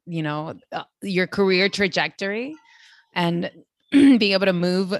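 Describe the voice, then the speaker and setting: Lower-pitched woman host, dry close mic; reflective and thoughtful in conversation. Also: unhurried, dry recording. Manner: reflective, spiritual vocabulary. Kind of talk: casual podcast conversation.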